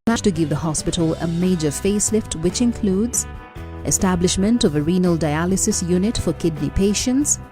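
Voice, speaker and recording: Mellow woman reading news narration. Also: lowish voice, moderate pace, soft background music. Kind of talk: scripted narration.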